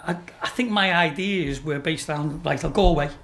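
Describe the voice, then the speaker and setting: This Liverpudlian guest in his fifties, a racehorse owner, has a slightly high, creaky voice with a fairly bright tone and a somewhat quick delivery. In casual conversation he spins meandering, foul-mouthed tales and laughs frequently.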